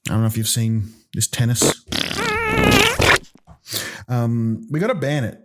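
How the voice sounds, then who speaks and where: A man in a comic rant who stumbles through his points with plenty of ums and false starts. He keeps heaping on exaggeration in mock outrage, and his voice sits at an ordinary middle pitch for a man. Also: very noisy. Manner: rambling, halting, with many ums and restarts. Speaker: comedy podcast host.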